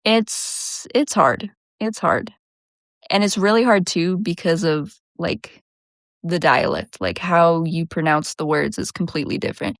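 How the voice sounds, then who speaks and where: A woman's voice: lowish voice, measured pace, no room sound, studio quality. A young woman from New Mexico with a Southwestern accent and a slight country twang, telling a story in a chatty, laid-back way and often tagging on "right?". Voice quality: slightly lazy, drawling speech. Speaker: vlogger. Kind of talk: casual storytelling to camera.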